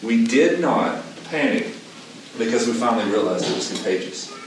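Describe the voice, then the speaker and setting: Animated male preacher in an echoey hall. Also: mid-range voice, normal speed. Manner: animated, asks the congregation questions and repeats key phrases. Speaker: pastor. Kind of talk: conversational sermon. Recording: echoey room, distant mic, background noise.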